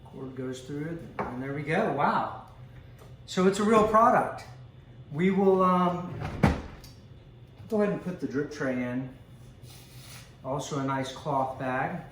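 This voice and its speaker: A man's voice: on the high side, takes it slowly, long pauses. Chatty man unboxing in an echoey room. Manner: chatty, relaxed, with frequent ums and asides. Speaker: vlogger unboxing a coffee maker. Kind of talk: casual unboxing commentary. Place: home room with a dog. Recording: echoey room, distant mic, noisy background.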